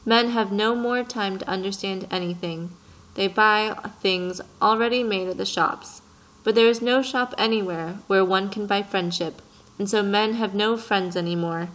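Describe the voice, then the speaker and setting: A woman's voice: medium pitch, fairly even intonation, moderate pace, a bit bright, close to an everyday voice, low-quality recording. Woman reading as a wise, patient fox. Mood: earnest. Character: wise, patient male fox longing to be tamed.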